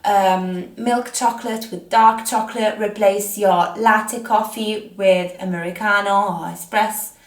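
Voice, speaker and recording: A woman's voice: mid-range voice, steady tone, a little slow, few pauses. A young woman with an Italian accent giving casual fitness advice from home, chatty and self-mocking with rambling asides. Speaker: fitness vlogger. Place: home, seated on a chair. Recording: echoey room.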